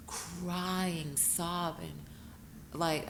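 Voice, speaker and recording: A woman, a guest telling her story in an interview, emotional and quick to break into laughing retellings. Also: a bit bright. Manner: emotional, bursts into laughing high-pitched retellings. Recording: echoey room with noticeable noise.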